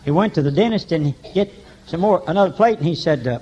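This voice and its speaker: An older man preaching a revival sermon in church, telling folksy stories and breaking into high shouts. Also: expressive, quick pace, a little hiss or hum. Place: church meeting. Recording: dull lo-fi recording.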